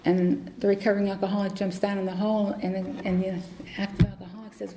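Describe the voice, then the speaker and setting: A woman's voice: mid-range voice, flat delivery, fast talker, warm tone. Earnest woman speaking in echoey hall. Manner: earnest, conversational, storytelling. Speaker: AA meeting speaker. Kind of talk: personal recovery talk. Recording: echoey hall, faint noise.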